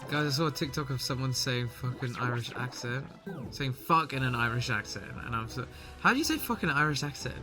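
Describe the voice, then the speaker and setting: Male streamer, casual and chatty, quick to laugh, sweary, over game music. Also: medium pitch, animated. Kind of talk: casual chat while playing.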